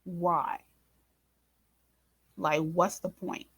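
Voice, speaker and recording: A woman hosting a casual recap of a drama episode, speaking to viewers in an informal, expressive way and acting out her own reactions. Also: fairly low pitch, very slow, slightly rough, no echo. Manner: animated, talks to viewers as "y'all" and "baby"; acts out her own reactions in quoted asides. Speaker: reaction channel host.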